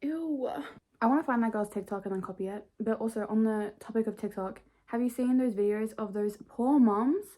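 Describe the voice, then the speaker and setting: A woman's voice: fairly high pitch, steady tone, fairly quick, few pauses, mellow. A young woman in a casual bedtime vlog, chatting playfully and poking fun at herself. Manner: chatty, playful, self-mocking. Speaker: vlogger. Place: bedroom at home.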